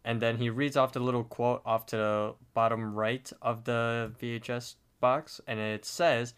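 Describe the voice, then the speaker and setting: A male podcast co-host narrates a cartoon episode step by step, with casual fillers along the way. His voice is smooth and clear, at an average pitch. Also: little pitch movement, a little slow, few pauses, a bit bright.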